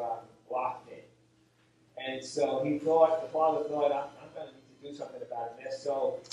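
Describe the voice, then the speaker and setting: A man's voice: fairly high pitch, warm tone, dull audio, a little hiss or hum. A male pastor giving a sermon, opening in prayer and telling stories in a conversational way. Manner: conversational storytelling preacher.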